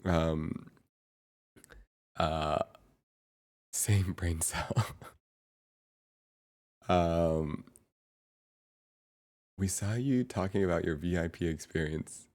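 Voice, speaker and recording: Young man, deep voice, rambling stream chat, halting, laughs often, desk mic. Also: a little mellow. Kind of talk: casual chat reading chat.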